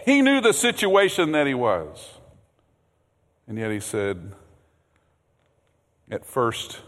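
A man preaching a sermon as pastor, earnest, repeating words, swinging from loud emphasis to hushed low passages. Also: huge pitch swings, takes it slowly, pauses often. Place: church sanctuary. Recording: long hall reverb.

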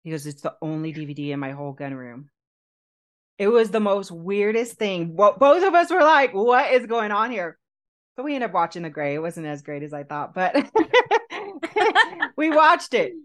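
A woman co-hosting a podcast, telling a personal story in an animated, chatty way with frequent laughter. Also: medium pitch, moderate pace. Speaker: podcast co-host telling her proposal story. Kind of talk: casual storytelling chat.

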